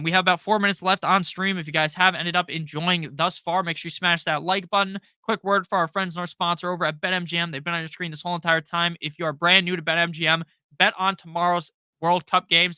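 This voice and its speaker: A young man hosting a live fantasy football stream, firing off quick, profane answers to viewer questions from his home setup. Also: high-pitched, fairly even intonation, bright, forceful tone, clear, resonant tone, no echo. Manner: fast, profane, joking, reads viewer questions aloud. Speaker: fantasy football livestream host. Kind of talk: rapid-fire live Q&A.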